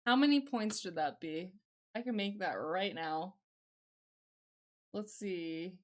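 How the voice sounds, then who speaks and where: A woman's voice: lowish voice, slow pace. A young woman with a Southern American twang, rambling casually to her live-stream chat from a home setup on a desk mic. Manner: rambling, chatty, reads and answers chat aloud. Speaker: livestreamer.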